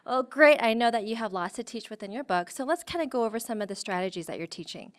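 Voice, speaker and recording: A woman's voice: fairly high pitch, animated, fast. A woman hosting a red carpet interview, upbeat presenter manner. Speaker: talk show host.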